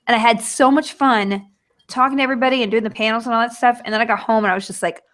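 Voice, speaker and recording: A woman's voice: a little high, fairly even intonation, rapid-fire, a bit bright. A woman in her thirties hosting a book club over a video call, chatty and rambling, laughing often. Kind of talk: casual video chat.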